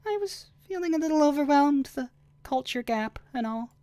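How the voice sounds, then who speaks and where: A man voicing a timid young woman sidekick, soft and sheepish, in a game playthrough. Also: extremely high pitch, lively intonation, moderate pace, over music, voice pushed up.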